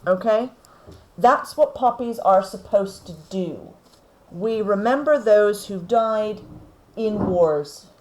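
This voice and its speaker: A woman teacher, slowly talking through a poem for her class and checking in with "okay?" as she goes. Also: medium pitch, expressive, darkish tone, low-quality recording. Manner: slow, deliberate explaining with frequent "okay?" checks. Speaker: English teacher. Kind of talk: recorded lesson on poetry.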